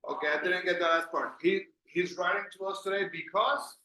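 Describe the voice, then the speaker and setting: A man's voice: high voice, fairly even intonation, a little fast, pushed and bright, roomy sound, poor audio. A man teaching an English class, patiently correcting students and drilling pronunciation.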